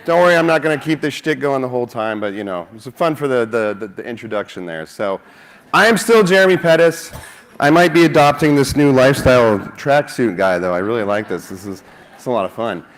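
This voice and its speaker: A man's voice: medium pitch, lively intonation, fairly quick. A man speaking at a conference, joking and self-mocking, a little out of breath. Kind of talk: lively conference talk with jokes. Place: conference hall.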